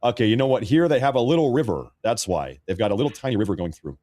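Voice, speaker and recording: A man's voice: mid-range voice, lively intonation, quick pace, mellow, no room sound, studio quality. An American man hosting a livestream, giving casual news commentary in a blunt, crude, joking way. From United States. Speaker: livestream host.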